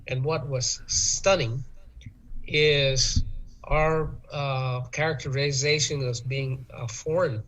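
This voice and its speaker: A man answering interview questions in a measured, hesitant way, with many ums and uhs. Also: mid-range voice, fairly even intonation, a bit bright, rough recording. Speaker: interview guest, tourism official. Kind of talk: talk-show interview.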